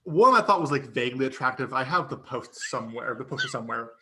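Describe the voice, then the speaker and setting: A man co-hosting a podcast, telling a story in casual chat, animated and profane, laughing often and acting out what people said. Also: mid-range voice, quick pace. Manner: animated, laughing storyteller who swears and acts out quotes. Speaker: podcast co-host.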